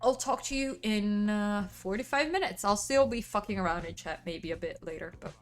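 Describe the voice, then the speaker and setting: A woman's voice: medium pitch, moderate pace, soft background music. A woman with an Italian accent, a native Italian speaker, chatting casually with her stream viewers, laughing often and swearing freely. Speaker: livestreamer.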